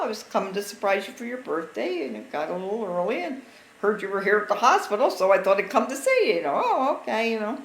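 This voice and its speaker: Woman, sixties, casual storytelling, low voice, echoey room. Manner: animated, acts out quotes of others. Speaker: interviewee telling family stories. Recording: echoey room with faint background noise.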